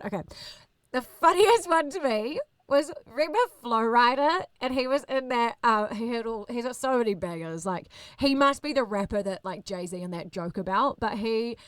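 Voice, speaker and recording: A woman in her thirties with a New Zealand accent, a radio host telling animated, sweary backstage stories in casual chat. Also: on the high side, no room sound. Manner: animated, swears, acts out others in quoted voices. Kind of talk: casual storytelling.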